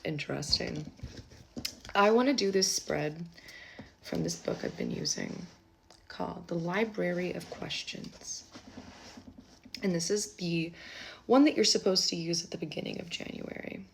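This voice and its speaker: Woman, lower voice, casual tarot reader, rambling and chatty with mumbled asides. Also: a little slow, vocal fry, pauses often, a little hiss or hum. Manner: chatty, rambling, with offhand asides and soft muttering. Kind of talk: casual live tarot reading.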